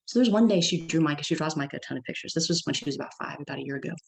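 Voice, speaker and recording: A woman's voice: low-pitched, rapid-fire, vocal fry, low-quality recording. A middle-aged woman from California giving a personal testimony talk as guest speaker, telling a story and acting out her child's lines.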